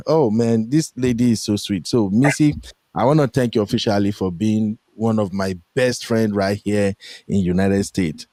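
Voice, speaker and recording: A young Nigerian man hosting a casual online talk show, animated and full of pitch jumps as he quotes people. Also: moderate pace, no room sound, studio quality. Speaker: host. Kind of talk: casual chat. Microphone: streaming headset mic.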